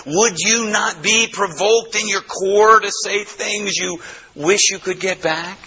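A man preaching a sermon, teaching from the Bible with animated delivery and acted-out quotes. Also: on the high side, dull audio, slight background noise.

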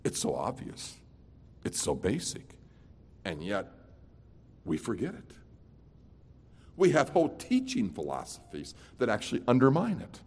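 A man preaching an evening sermon as a pastor. He swings between loud, emphatic declarations and quiet, low-voiced asides. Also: huge pitch swings, measured pace, long pauses, breathy edge. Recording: long reverb of a large hall.

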